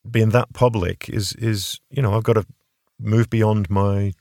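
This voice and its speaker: A middle-aged man, a conservationist guest, telling stories in a casual interview, animated and rambling with fillers and restarts. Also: on the low side, unhurried, creaky, no echo, clean studio sound. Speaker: conservationist and bear researcher, guest.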